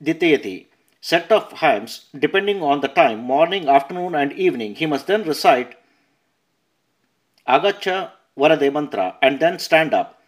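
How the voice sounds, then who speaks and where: A man reading a scripture translation aloud at a measured pace, announcing verse numbers and notes and sometimes correcting himself. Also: on the high side, animated. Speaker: narrator.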